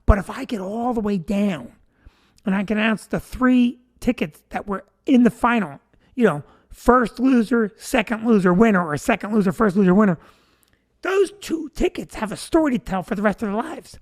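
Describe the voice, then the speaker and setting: A man telling a stand-up story on a comedy club stage, animated and acting out crowd voices. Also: high-pitched, normal speed.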